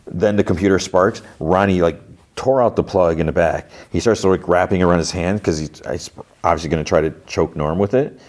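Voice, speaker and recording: A male podcast host recapping a TV episode in casual, rambling chat. His voice sits very low. He leans on fillers and slips into the characters' lines as he tells the story. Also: brisk, darkish tone. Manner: chatty, full of "like" fillers, acts out dialogue.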